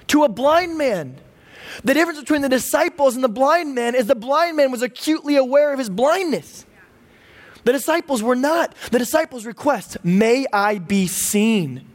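A pastor preaching a sermon, animated and humorous, with comic asides to the congregation. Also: mid-range voice.

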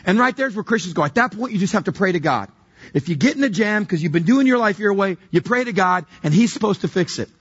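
Brief: male pastor preaching, conversational and wry, fairly high and husky, on a dull recording. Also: animated, fast talker. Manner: conversational, humorous, acts out little scenes. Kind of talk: sermon.

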